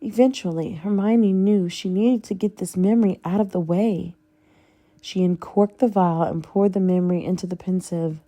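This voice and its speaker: A woman narrating a fanfiction audiobook in a slow, measured storytelling way. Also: fairly low pitch, fairly even intonation, warm tone.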